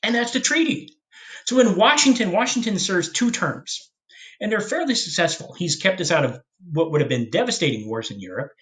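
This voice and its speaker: Male history teacher, animated storyteller with a lively, rising and falling voice, playful asides. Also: high-pitched. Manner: jokey storyteller, acts out historical figures in quick voices. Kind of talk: casual history lecture.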